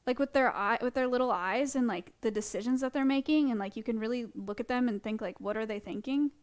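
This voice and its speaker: A young woman chats casually on a live stream, gushing with affection as she shows off a small creature. Her voice sits a little high, and her talk is loose and full of fillers. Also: fast talker. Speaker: streamer showing sanctuary animals. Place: indoor animal sanctuary room.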